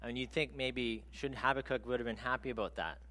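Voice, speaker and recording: Bright-voiced man preaching conversationally. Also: medium pitch, a little fast. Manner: conversational, animated storytelling with acted quotes. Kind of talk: sermon.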